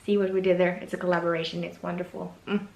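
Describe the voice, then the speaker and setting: A woman's voice: fairly low pitch, level tone, quick pace, creaky, darkish tone, a little hiss or hum. A woman, a knitwear designer hosting a casual video podcast, chatting in a gushing, enthusiastic and self-deprecating way. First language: Norwegian. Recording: echoey room.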